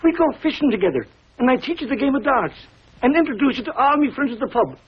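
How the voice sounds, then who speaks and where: An actor playing a lonely, warm-hearted older Irish tailor, with a husky voice and a lilting Irish brogue. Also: male voice, very high-pitched, very animated, fast talker, exaggerated voice. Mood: wistful, coaxing. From Ireland. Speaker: visiting cousin, a tailor. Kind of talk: 1950s TV sitcom acting. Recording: dull lo-fi 1950s TV audio.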